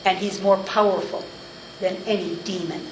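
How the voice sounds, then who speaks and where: A woman's voice: medium pitch, fairly even intonation, darkish tone, slight background noise. Woman teaching scripture in an echoey room. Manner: emphatic, slows down to stress key phrases. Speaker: Bible teacher. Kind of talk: verse-by-verse Bible teaching. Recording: echoey room, mic at a distance.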